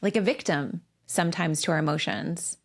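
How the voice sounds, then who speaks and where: A woman's voice: lowish voice, moderate pace, vocal fry. A woman in her forties hosting a casual solo podcast, candid and emphatic, swearing freely as she talks. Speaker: podcast host and coach.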